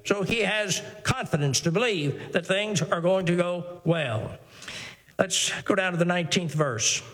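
A man with a high voice preaches a sermon as a pastor. He talks earnestly, piling up repeated phrases and tripping into restarts. Now and then he reads old scripture aloud in formal wording. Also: a little slow, fairly bright tone.

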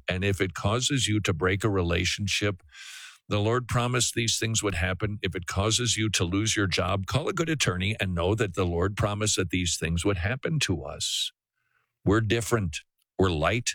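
A man's voice: lowish voice, normal speed, a bit bright, no echo. A man hosting a call-in radio talk show, preaching earnestly and often restarting his sentences.

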